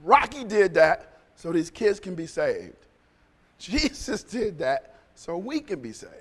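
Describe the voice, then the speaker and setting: Storytelling pastor with a higher voice. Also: male voice, big pitch swings, slow pace, in a large hall. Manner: storytelling, conversational, repetitive. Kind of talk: sermon.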